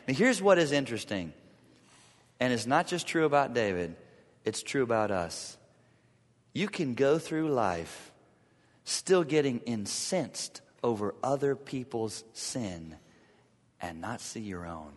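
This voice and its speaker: A man preaching a sermon, reading scripture aloud and swinging from loud to hushed for drama. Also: mid-range voice, very animated, unhurried, pauses often, in a large hall. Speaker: pastor.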